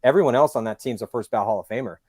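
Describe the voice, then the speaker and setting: A man's voice: medium pitch, very fast, no room sound, studio quality. A man who is a guest on a podcast, talking at length in casual chat, telling stories and making his points with animation. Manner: long-winded, animated storyteller.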